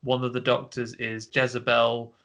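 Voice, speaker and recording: A man's voice: medium pitch, completely flat delivery, normal speed, gravelly, a bit bright. A man co-hosting a casual horror film podcast over a video call, retelling scenes and putting on character voices. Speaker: podcast co-host. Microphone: home mic on a video call.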